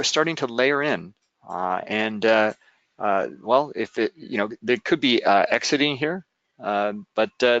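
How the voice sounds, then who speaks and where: A man explaining trading software in a screen-share walkthrough, with many "uh"s and "okay?" check-ins. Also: medium pitch, no room sound, lo-fi sound.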